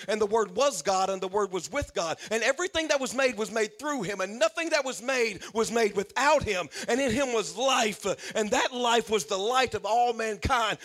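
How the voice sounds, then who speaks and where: High-voiced preacher building fervor. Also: male voice, fairly bright tone. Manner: preaching with rising fervor and repetition; addresses listeners as "man", calls for responses. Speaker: pastor. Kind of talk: sermon.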